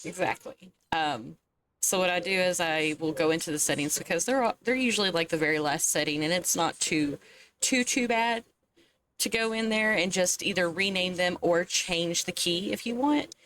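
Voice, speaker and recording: A woman's voice: on the low side, normal speed, a bit bright. A woman from Southwest Virginia with a Southwest Virginian accent, chatting casually on a stream, swearing and laughing often.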